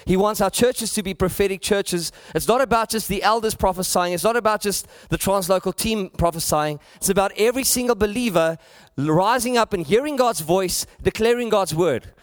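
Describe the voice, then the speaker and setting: A South African pastor delivering a sermon in a notably high voice for a man, building his points with repetition and rising emphasis. The sound is dry and close, with almost no room echo. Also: brisk. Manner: preaching with rising emphasis and repeated phrases.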